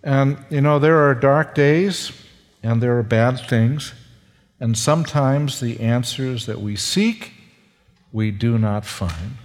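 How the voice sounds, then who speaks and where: A man, a seminary professor, giving a sermon testimony in a slow, halting way with fillers and restarts. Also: medium pitch. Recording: long hall reverb.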